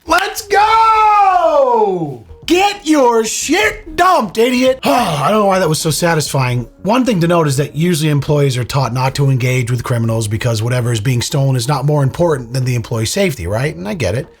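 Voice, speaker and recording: Hoarse sarcastic male commentator. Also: mid-range voice, fast talker, hardly any pauses. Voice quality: hoarse, losing his voice. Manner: blunt, sarcastic, profane. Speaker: commentary host. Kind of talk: reaction commentary.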